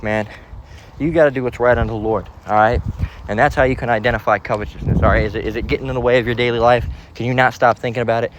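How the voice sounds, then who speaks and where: A man teaching from the Bible in a casual way, out of breath as he walks outdoors and slowing down to read verses aloud. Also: medium pitch, a little hiss or hum, poor audio. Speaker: preacher. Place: outdoors, walking near traffic.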